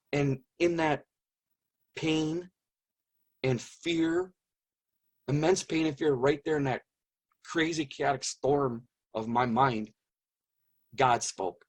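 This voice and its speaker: A middle-aged man earnestly recounting a personal story in an interview, repeating phrases for emphasis and dropping to a hush at intense moments. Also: on the high side, animated, slow pace, vocal fry, pauses often, breathy edge. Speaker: guest telling his near-death experience.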